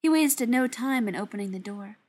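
A woman reading a story aloud as narrator, in an even, steady storytelling manner. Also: fairly high pitch, a little fast. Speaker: audiobook narrator. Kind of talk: scripted narration.

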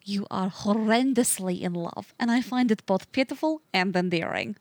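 A woman voicing a teasing male scientist who speaks in a gleeful low aside, in a read-aloud story. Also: normal speed, dry recording, natural voice.

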